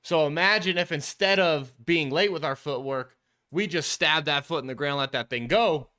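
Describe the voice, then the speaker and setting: Bright, crisp-voiced man coaching through game film. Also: on the high side, moderate pace. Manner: coach-like, explains step by step, addresses viewers as team. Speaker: quarterback trainer and show host. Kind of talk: casual football film breakdown commentary.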